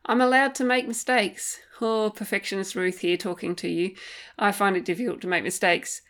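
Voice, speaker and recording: A woman hosting a solo podcast, talking gently and earnestly, thinking aloud with frequent pauses and ums while offering faith-based encouragement. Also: medium pitch, steady tone. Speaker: podcast host. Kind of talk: reflective solo podcast talk.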